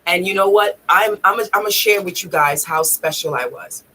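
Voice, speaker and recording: A woman's voice: on the low side, a little fast, sharp tone, slightly rough, rough recording. A woman vlogging, telling a personal story in a raw, emotional way, swearing freely and near tears at times. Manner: raw, profane, tearful at times.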